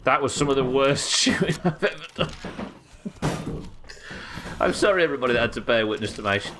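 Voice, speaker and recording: A man's voice: medium pitch, expressive, fairly quick, background noise. A man hosting a live gaming stream, chatting to viewers and swearing as he plays. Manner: sweary, chatty, talks to chat while playing. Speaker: livestream host.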